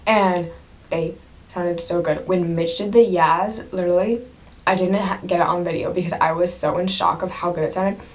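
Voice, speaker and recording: Her voice is on the low side with fairly even intonation, and she speaks at normal speed. Vlogging from home, the young woman tells a story to camera, breathless and gushing, laughing in bursts and suddenly dropping to a whisper.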